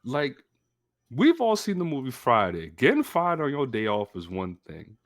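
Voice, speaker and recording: A young man co-hosting a podcast, telling a story in a casual, animated way. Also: normal speed. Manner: animated storyteller, acts out quotes in a high voice. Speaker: podcast co-host.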